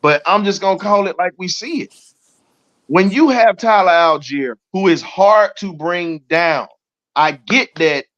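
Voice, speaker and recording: A man's voice: high-pitched, measured pace, fairly bright tone. A man with a Southern US accent hosting a heated sports talk show, fired up and colorful in his trash talk. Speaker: show host. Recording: dull lo-fi audio.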